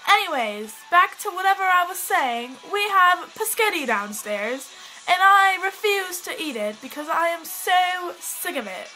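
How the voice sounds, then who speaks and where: A teenage girl rambles through a casual vlog in a put-on British accent and keeps losing her thread. Her voice sits high, bright and sharp, and swoops widely as she talks. Pop music plays faintly behind her. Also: sing-song, unhurried, rough recording. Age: teens. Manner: rambling, giggly, easily sidetracked. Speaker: vlogger.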